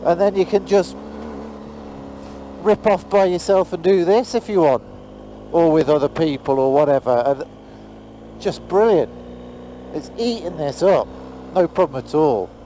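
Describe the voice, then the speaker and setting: A man's voice: a little high, unhurried, long pauses, mellow, slight background noise. A man chatting casually into a helmet camera while riding a motorbike outdoors in pouring rain, exclaiming and swearing now and then. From Britain. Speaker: motorcycle vlogger. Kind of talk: casual vlog commentary.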